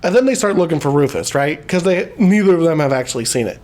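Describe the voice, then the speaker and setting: A man giving a casual movie recap, swearing often and briefly acting out the characters' lines as he retells the scenes. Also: fairly high pitch. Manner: profane, animated retelling with quick acted-out quotes. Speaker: movie reviewer.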